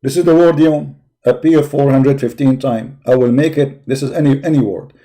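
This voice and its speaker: Brisk and mellow, with a mid-range pitch and fairly even intonation, this man hosts a live call-in debate stream. His voice sounds tired as he searches a website, mocking and insulting his opponents and repeating points emphatically.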